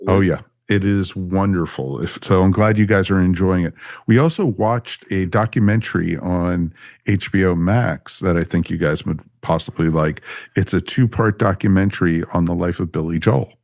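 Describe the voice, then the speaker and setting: A man's voice: low voice, normal speed, gravelly, darkish tone, no room sound, studio quality. A man hosting a podcast, chatting casually and wrapping up the show with an upbeat, chatty manner. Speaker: podcast host. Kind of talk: casual chat and show outro.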